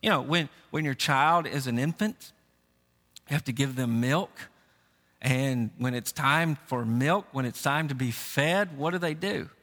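A man's voice: mid-range voice, a little slow, fairly bright tone, in a large hall. A middle-aged man preaching a sermon as a pastor, earnest, often repeating words and restarting.

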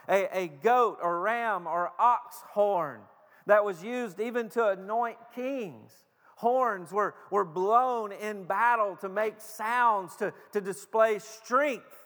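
High-voiced preacher in a reverberant hall. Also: male voice, fairly bright tone. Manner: emphatic preaching with repeated stutters and slowed, stressed phrases. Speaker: pastor. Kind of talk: sermon.

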